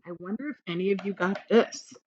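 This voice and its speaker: A woman's voice: mid-range voice, fairly quick, darkish tone, muffled recording. A woman teacher giving a recorded grammar lesson, speaking patiently and encouragingly to young students.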